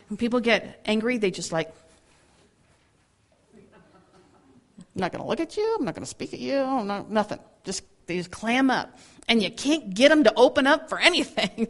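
A woman speaking to a women's group in a Bible teaching, acting out angry people's words, laughing often and restarting her sentences. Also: medium pitch. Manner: animated, acts out angry quotes, laughs often; repeats words when starting sentences.

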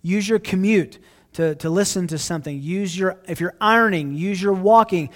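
A middle-aged man, a pastor, answering questions in earnest, relaxed talk, often restarting his phrases. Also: high voice, moderate pace. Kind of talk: casual Q&A talk.

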